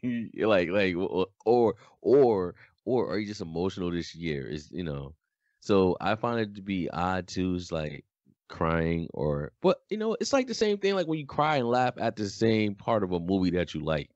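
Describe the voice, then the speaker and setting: A man co-hosting a podcast in casual chat, talking in a flat, deadpan way. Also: low-pitched, moderate pace, no echo, highs cut off. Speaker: podcast co-host.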